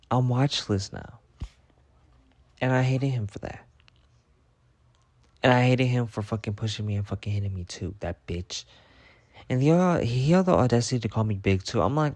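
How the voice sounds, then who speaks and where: Telling gossip stories as a storyteller, this young man delivers a dramatic, profane, casual monologue full of "I'm like" moments. His lowish voice is expressive and a little mellow, moving at a moderate pace in a dry recording.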